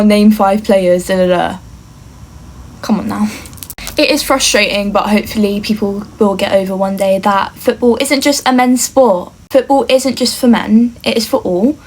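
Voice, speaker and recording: A young woman from England talking earnestly to camera in a casual get-to-know-me vlog, chatty and fond of saying "like". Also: mid-range voice. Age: young adult. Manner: chatty and earnest, often says "like" and "obviously". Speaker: vlogger.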